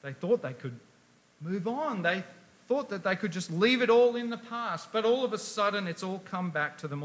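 A man's voice: on the high side, a bit bright. A man preaching a sermon, emphatic, asking rhetorical questions and reading scripture aloud.

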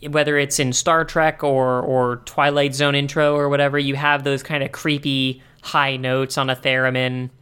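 A man's voice: medium pitch, little pitch movement, normal speed, hardly any pauses, fairly bright tone, clean tone. A man co-hosting a podcast in casual chat, thinking aloud with wry, joking asides. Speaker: podcast co-host.

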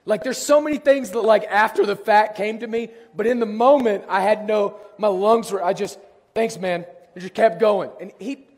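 A man with a hoarse, worn-out voice preaching a sermon, telling self-deprecating stories with jokes. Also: high voice, moderate pace, few pauses. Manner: self-deprecating storytelling, lively and joking. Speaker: pastor. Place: church sanctuary. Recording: long hall reverb.

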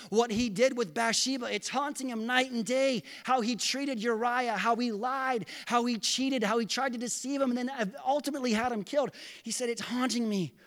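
A middle-aged pastor preaching a sermon, telling a personal story with earnest, conversational asides to the congregation. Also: male voice, very high voice, a bit bright.

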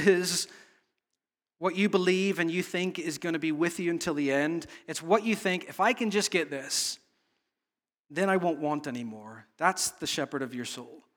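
A man's voice: a little high, a bit bright. Earnest male pastor preaching. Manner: earnest, repetitive, halting restarts. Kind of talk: sermon.

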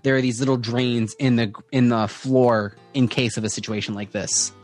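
A male game master narrates a tabletop game at a mid pitch, pausing often and restarting his sentences. Faint music plays behind him. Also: steady tone, a little mellow. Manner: descriptive, hesitant, with many fillers.

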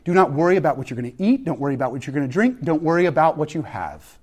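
A man preaching a sermon, swinging between joking, conversational asides and hushed, intense passages. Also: fairly high pitch, racing. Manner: animated preaching with sudden loud peaks and hushed drops. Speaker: pastor.

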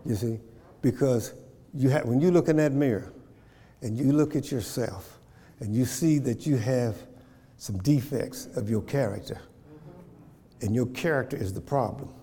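A man's voice: mid-range voice, normal speed, long pauses, mellow, slightly rough, big-room sound. A man preaching a sermon, repeating phrases and checking in with his congregation. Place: church.

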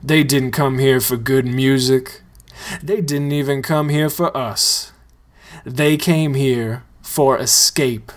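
A quiet, solemn male dancer read by a man delivers a grave, heartfelt speech in a comedic story reading. He speaks slowly and evenly, at a middling pitch. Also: steady tone, natural voice.

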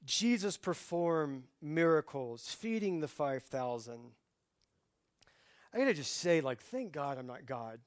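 A man in his forties preaching a sermon in a conversational way, dropping to a hush and then rising into loud, lively outbursts. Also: mid-range voice, no echo, studio quality. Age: 40s. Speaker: pastor.

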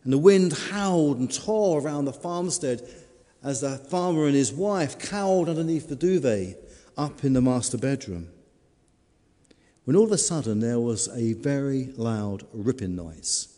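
A man's voice: mid-range voice, animated, a little slow, warm tone. A man preaching a sermon, telling a story with dramatic, shifting emphasis. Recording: long hall reverb.

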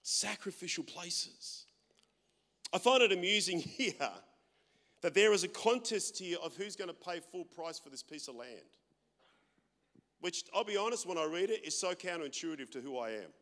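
Male pastor, high-pitched and loud, storytelling sermon, long hall reverb. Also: moderate pace. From Australia. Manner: loud, animated, self-deprecating humor.

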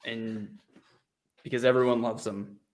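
A man's voice: mid-range voice, flat delivery, measured pace, darkish tone. Laid-back young man in sports chat.

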